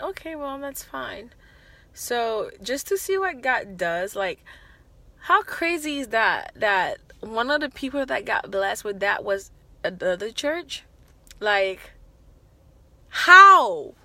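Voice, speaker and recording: A young woman talks to camera in a casual vlog. She tells her story in an animated, exclamatory way. Her tone is bright and sharp, and her pitch sits in the middle. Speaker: vlogger.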